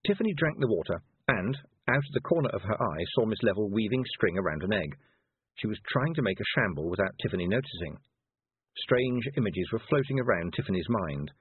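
Husky low guy reading a storybook, lively ups and downs, tinny phone sound. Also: a little fast, no room sound. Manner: lively, expressive reading with voiced characters. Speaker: audiobook narrator.

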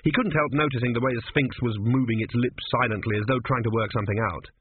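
A man's voice: mid-range voice, steady tone, quick pace, a little hiss or hum. A man narrating a comic fantasy audiobook in a dry, wry storytelling manner. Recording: tinny phone-like audio.

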